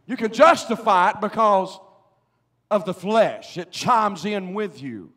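Pastor, male, high voice, sermon with loud swells. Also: lively intonation, takes it slowly. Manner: preaching with rising, shouted emphasis. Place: church sanctuary.

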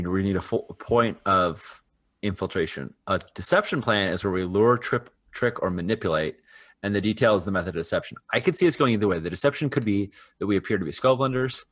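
A man's voice: on the low side, a bit bright, no room sound. A man playing a tabletop role-playing game, laying out plan options step by step in casual chat. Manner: methodical, lays out options step by step.

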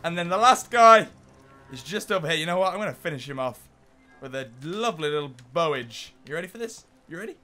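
A young man giving excitable gameplay commentary, yelling at enemies and laughing as he plays. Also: on the high side, fast talker, soft background music. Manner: excitable, swears mildly, often laughs and yells at enemies. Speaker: gaming YouTuber.

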